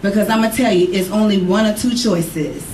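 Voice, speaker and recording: A woman preaching a sermon, swinging from high emphatic calls to low joking asides. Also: normal speed, a little mellow. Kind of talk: sermon to a congregation. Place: church. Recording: echoey room from far off, faint noise.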